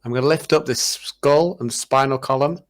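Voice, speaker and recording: A man's voice: mid-range voice, normal speed. A man playing a tabletop game, talking casually and hesitantly with many fillers. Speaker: player.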